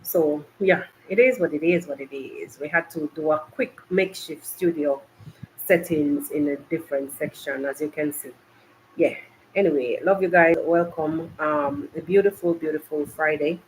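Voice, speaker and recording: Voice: mid-range voice, normal speed, a little hiss or hum, rough recording. A podcast host from Jamaica, rambling in a chatty way straight to live viewers from a makeshift home studio, recorded on a laptop. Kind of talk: casual live-stream chat. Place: makeshift home studio, hot bright room.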